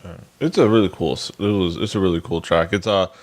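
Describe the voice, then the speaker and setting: Deep-voiced rambling man podcaster. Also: quick pace. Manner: rambling, lots of fillers and restarts. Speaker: podcast co-host. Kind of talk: casual chat about music.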